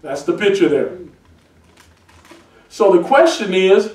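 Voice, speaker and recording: A man preaching a sermon as a pastor, emphatic and building to shouted points. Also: high-pitched, big pitch swings, takes it slowly. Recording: echoey church heard from a distance.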